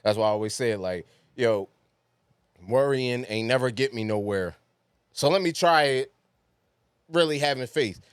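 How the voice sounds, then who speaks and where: A man hosting a podcast and chatting casually in a studio. He laughs often and talks with animated energy. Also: medium pitch, normal speed, long pauses, clean tone, no room sound. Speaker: podcast host and author. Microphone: studio mic.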